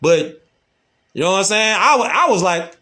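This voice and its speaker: Speaking at a moderate pace, a Chicago-accented man delivers a casual, slangy social media monologue and keeps repeating "you know what I'm saying." His high-pitched voice is animated, pushed and bright.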